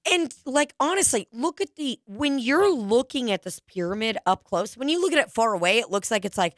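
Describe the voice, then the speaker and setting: A woman's voice: on the high side, lively intonation, a little fast, few pauses, dry recording, studio quality. Profane rambling woman podcaster. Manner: profane, rambling storytelling with impressions. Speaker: podcast co-host. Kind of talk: casual podcast chat.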